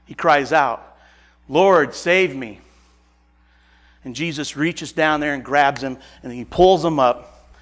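A man from Nebraska preaches in a loose, folksy way, retelling a Bible story to his listeners. His voice sits a little high for a man, and he often restarts his sentences. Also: a little slow, fairly bright tone. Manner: casual and folksy, chuckles and self-corrects often.

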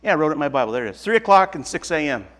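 A man from Nebraska preaches in a loose, folksy way, retelling a Bible story to his listeners. His voice sits a little high for a man, and he often restarts his sentences. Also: big pitch swings, rapid-fire, fairly bright tone. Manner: casual and folksy, chuckles and self-corrects often.

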